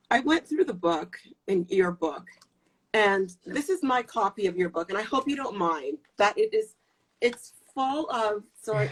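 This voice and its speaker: A woman, a guest and former member of parliament, gushing excitedly in an emotional live-stream conversation over a phone or computer mic. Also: on the high side, low-quality recording. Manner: gushing, excitable, talks through tears and laughter.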